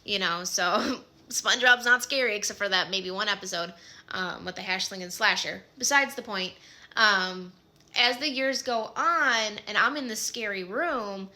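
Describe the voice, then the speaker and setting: A woman's voice: mid-range voice, measured pace, sharp tone. A woman in her thirties with a Midwestern American accent, casually telling a personal story with lots of "like" and "um". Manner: chatty, many fillers like "like" and "um".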